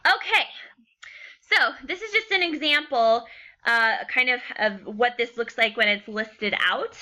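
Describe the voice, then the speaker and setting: A woman's voice: fairly high pitch, a little slow, sharp tone. A young woman teacher giving a recorded class lecture, chatty and casual, often checking in with "okay". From United States.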